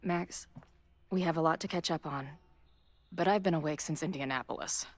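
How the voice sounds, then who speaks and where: A tired young woman from a story game, offhand and weary after a long drive. Her voice sits very low for a woman. The sound is dry and close. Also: normal speed, no room sound. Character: tired, blunt young woman back from the dead. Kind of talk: game character dialogue.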